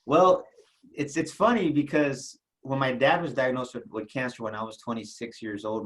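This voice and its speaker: A middle-aged entrepreneur from South Texas, guesting in an interview, shares a personal story. As emotion builds he halts and repeats words. His voice is medium-pitched and a bit bright, though the audio quality is poor.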